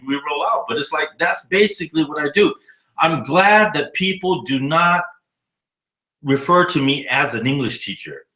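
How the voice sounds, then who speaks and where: A man in his fifties, an educator living abroad, telling stories in a casual, profane, animated way during an interview. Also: a little high, moderate pace, roomy sound, rough recording. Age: 50s. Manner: animated, profane storyteller acting out dialogue.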